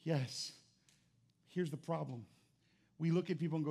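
A man preaching a sermon as pastor, fervent, moving between quiet and loud. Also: on the high side, steady tone, moderate pace, gravelly, long pauses. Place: church.

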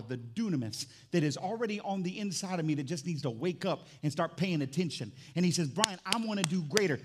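A man preaching a sermon as pastor in a church, animated and jokey, swinging from loud excitement to quiet emphasis. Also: on the high side. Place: church sanctuary.

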